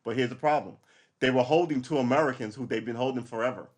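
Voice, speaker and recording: A fast-talking man with a mid-range voice hosts a loose live podcast, ranting casually in a rambling, wry way. He keeps drifting onto tangents and addresses his listeners as he goes.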